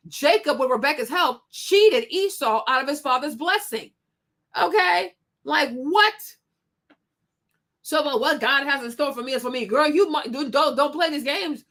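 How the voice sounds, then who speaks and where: A woman's voice: high voice, sharp tone. A woman hosting a commentary show, reacting to a clip with sassy, emphatic talk. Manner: sassy, emphatic, preachy asides.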